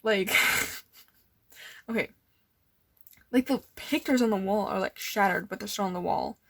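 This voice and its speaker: A woman's voice: mid-range voice, unhurried, gravelly, fairly bright tone, no room sound. Rambling young woman, dry close sound. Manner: nervous rambling, lots of fillers. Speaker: artist showing old sketchbooks. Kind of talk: casual rambling chat.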